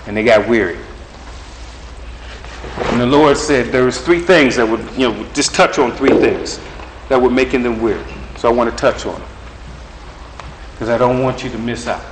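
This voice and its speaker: A man's voice: medium pitch, normal speed, pauses often. A male preacher giving a folksy, repetitive, encouraging sermon. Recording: very echoey room, distant mic, faint noise.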